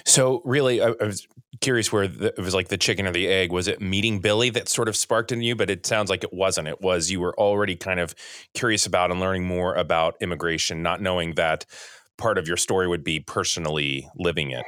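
A man hosting a podcast interview, chatty and self-deprecating, asking questions in a relaxed conversational way. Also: deep voice, brisk, dry recording, clean studio sound. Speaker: podcast host.

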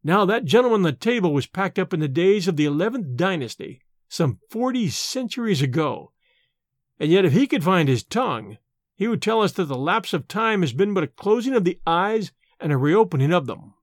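A man's voice: sits high, big pitch swings, a little fast, no room sound, clean studio sound. A man reading an audiobook and voicing a shaken, secretive male scholar who speaks in a faltering, breathless way. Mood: musing. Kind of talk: audiobook character voice.

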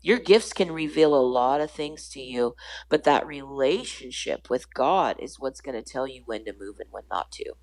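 A woman in her forties, a guest on a faith podcast, telling a personal story with animated storytelling and acting out the voices of others. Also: rumbling low, normal speed, rough recording.

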